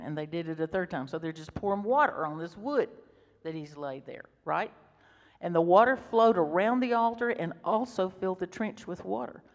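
A woman preaching a sermon, reading scripture emphatically and breaking off into casual explanatory asides. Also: fairly low pitch. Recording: reverberant hall.

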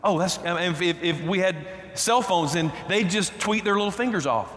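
A man's voice: sits high, moderate pace, a bit bright. A man preaching a sermon as pastor, emphatic and repeating his key phrases. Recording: reverberant hall, roomy echo.

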